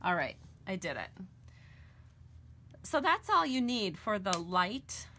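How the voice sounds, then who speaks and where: A woman's voice: mid-range voice, sing-song, slow, pushed and bright, a little hiss or hum. A middle-aged woman with an American accent, chatting casually and correcting herself as she demonstrates card-making step by step. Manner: chatty, homey and self-correcting while coloring. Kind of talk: casual crafting tutorial with chat.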